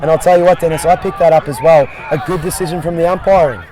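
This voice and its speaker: A high-voiced man does play-by-play on an outdoor field, full of quips and his pet phrase. Crowd noise is clear behind him. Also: fast talker, poor audio. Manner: jokey, excitable, repeats "I'll tell you what". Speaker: play-by-play commentator. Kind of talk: sports commentary.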